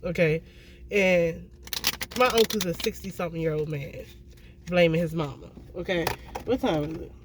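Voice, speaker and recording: A tarot reader giving a casual reading to viewers, blunt and emphatic, swearing freely and often checking in with a quick "okay?". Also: mid-range voice, background noise.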